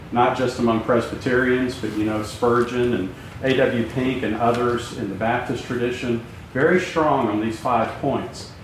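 A male Bible teacher's mid-range voice carries from afar through a very echoey room as he casually quizzes his class. He's conversational, uses lots of fillers, and jokes around with the group. A faint hiss or hum sits under the recording.

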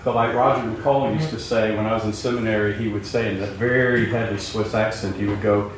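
A man's voice: fairly low pitch, fairly even intonation, brisk, hardly any pauses, slight background noise. Man teaching a class in an echoey room. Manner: conversational, many fillers, jokes with class. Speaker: Bible teacher. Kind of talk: informal classroom teaching with questions. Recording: very echoey room, mic at a distance.

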